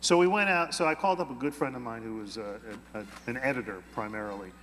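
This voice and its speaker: A man being interviewed, telling an anecdote in a lively way and acting out the quoted dialogue. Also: medium pitch, fast talker, big-room sound, a little hiss or hum. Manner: animated, acts out quoted dialogue. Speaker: interview guest. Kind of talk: anecdotal storytelling.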